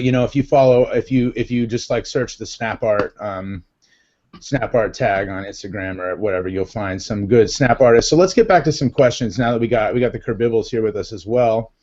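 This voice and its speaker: A man runs a live online chat show, joking and teasing the people on the call. His voice sits at an ordinary pitch, and the sound comes through dull and lo-fi. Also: darkish tone. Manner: playful, teasing. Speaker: host.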